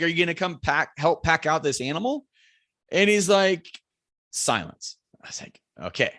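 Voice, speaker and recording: Bright-voiced man telling a hunting story. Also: on the low side, dry recording. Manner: animated, swears freely, raises his voice when quoting friends yelling. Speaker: podcast guest, bow hunter.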